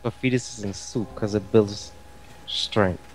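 A man's voice: lowish voice, fairly even intonation, measured pace, low-quality recording. A young man chatting casually with friends while gaming, joking and laughing a lot with crude banter.

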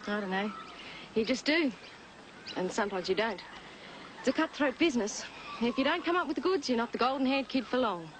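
A woman's voice: a little high, lively intonation, a little fast, long pauses, noisy background, natural voice. An actress playing an earnest, pleading young woman in the style of 1980s TV soap acting.

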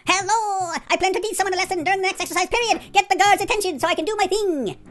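A man voicing an overexcited young male gamer who talks in a loud, frantic rush. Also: very high voice, very fast, pitched above the performer's own voice.

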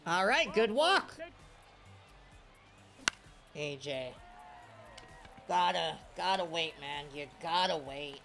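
A young man giving live commentary over his own gameplay, swinging from quiet mutters to sudden shouts. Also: on the high side, lively intonation, slow pace, vocal fry, pauses often, soft background music. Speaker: gaming video creator.

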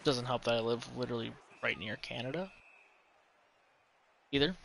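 Young American male streamer with a bright, forceful tone for casual game talk, chatty and foul-mouthed, on a desk mic. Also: medium pitch, moderate pace, creaky, slight background noise. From United States. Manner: chatty, swears freely, laughs at his own jokes. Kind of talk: casual gaming commentary.

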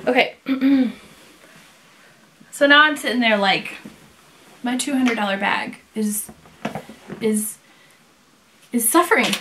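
A woman's voice: on the high side, slow, pauses often, slight background noise. Chatty woman with a raised voice for a casual review vlog, quoting people as she tells a story. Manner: chatty, animated storytelling with quoted dialogue. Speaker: leather bag reviewer.

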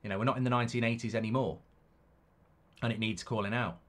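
A middle-aged man hosts a live football watchalong stream, speaking fast in a steady, medium-pitched voice. He chats casually, reads out viewer comments, and gives rambling, opinionated answers with many restarts.

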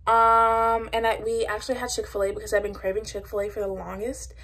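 Bubbly twenties woman vlogger, chatty home talk, a bit husky with some vocal fry, pitched a touch high. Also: flat delivery, fairly quick, fairly bright tone. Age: 20s. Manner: bubbly, chatty, says "literally" and "like" a lot. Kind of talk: casual chat.

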